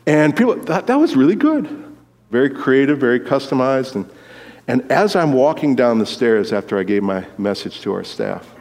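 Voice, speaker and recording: Male pastor, mid-pitched, animated sermon delivery, big hall echo. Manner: animated, swings from loud exclamations to quiet, low asides.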